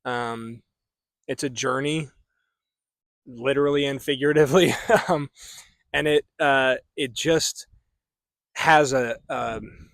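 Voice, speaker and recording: A man's voice: mid-range voice, steady tone, creaky, fairly bright tone, no echo, studio quality. Rambling young man reviewing a book. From central United States. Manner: rambling, halting, many fillers and restarts. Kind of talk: casual stream-of-consciousness book review.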